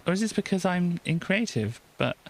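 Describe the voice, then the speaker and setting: A woman's voice: on the low side, animated, normal speed, low-quality recording. A woman streaming a game, chatting casually and giggling as she reads item names aloud. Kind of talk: casual gameplay chat.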